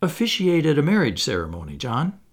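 A man's voice: fairly high pitch, wildly swooping pitch, brisk. A man reading the part of a cheerful, eager young aristocrat in a play, earnest and a touch pompous.

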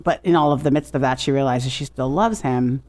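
On a podcast, a female co-host chats casually while retelling a film with lively storytelling, quick impressions of quoted voices, lots of laughter and offhand swearing. Her voice is a deep bass.

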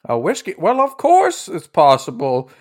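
A man doing a high-voiced old lady innkeeper. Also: huge pitch swings, measured pace, a little mellow. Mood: cheerful.

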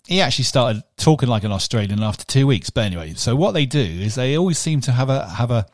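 A man's voice: medium pitch, very animated, brisk, no echo, studio quality. A man, co-hosting a rambling, jokey casual chat podcast. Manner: rambling, jokey, puts on accents. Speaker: podcast co-host.

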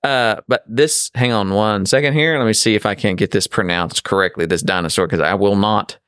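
A man's voice: fairly low pitch, a little fast, smooth, no room sound, studio quality. A middle-aged man, hosting a podcast and telling rambling stories in casual chat. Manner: rambling storyteller, animated. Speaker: podcast host.

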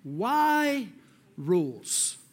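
A man giving an energetic, joking youth sermon as a youth pastor, talking directly to the crowd. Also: high-pitched, very slow.

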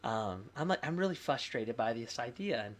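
Young adult man, pastor, candid testimony, animated and chatty, mid-pitched voice. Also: normal speed. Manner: candid, animated storytelling with fillers and laughs. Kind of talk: conversational testimony.

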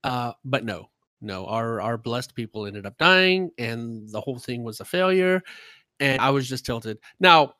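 Bright-voiced man ranting about gaming. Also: medium pitch, expressive, measured pace, dry recording. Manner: talkative, worked-up storytelling. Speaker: streamer and gamer. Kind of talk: casual podcast chat.

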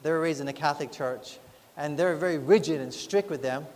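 A man's voice: a little high, fast, a little mellow. A man preaching a sermon, telling his own story in an earnest, heartfelt way that rises into pleading. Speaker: pastor. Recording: long reverb, faint music behind.

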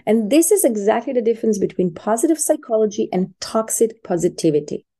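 Middle-aged woman, mellow, slightly high, expressive teacher energy. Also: a little fast. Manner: animated, acts out parents and babies in quoted voices. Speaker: positive psychology expert, guest. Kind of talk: casual podcast interview.

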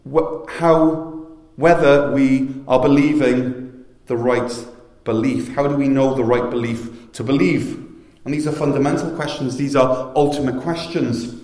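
A man's voice: mid-range voice, steady tone, unhurried, darkish tone. A man preaching a sermon as pastor, earnest and explanatory in a storytelling way. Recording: echoey room sound.

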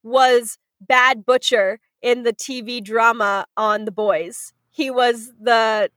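Young woman chatting about a show, high voice, does little character voices. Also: dry recording, low-quality recording. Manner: animated storytelling, acts out characters in quick voices. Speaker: podcast co-host recapping a show. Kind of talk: casual chat.

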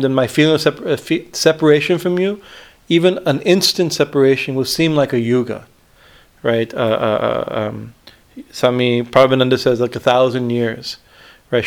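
Man, gravelly voice, middle pitch, swami's spiritual discourse, halting, many restarts, asks "right?" often. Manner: recites Sanskrit verse lines slowly. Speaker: swami teaching scripture.

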